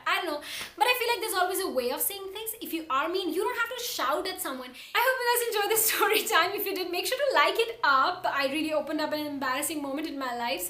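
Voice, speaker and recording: A woman in her twenties with an Indian English accent, telling a personal story to camera in an animated, emphatic way. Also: high voice, echoey room. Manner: animated, emphatic retelling with quoted dialogue. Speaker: vlogger, cabin crew. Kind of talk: casual storytime monologue.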